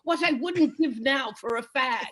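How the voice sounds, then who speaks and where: A man's voice: very high voice, a little slow, sharp tone, full character voice. A woman voicing her stiff, reserved English ex-husband in a prim, stuffy put-on English accent.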